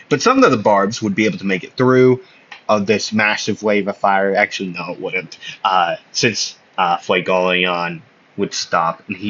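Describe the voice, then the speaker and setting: Male fan storyteller, slow and meandering, full of ums, lo-fi mic. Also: lowish voice, fairly bright tone. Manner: rambling, hesitant, many fillers and self-corrections. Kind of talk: casual spoken fan fiction. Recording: slightly muffled lo-fi audio.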